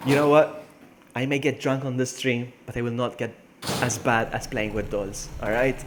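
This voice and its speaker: Rambling streamer, noisy room. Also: male voice, mid-range voice, a little slow, long pauses. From Malta. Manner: chatty, rambling, laughs often. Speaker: game streamer. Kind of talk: casual live-stream chat. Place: room at home. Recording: steady background noise.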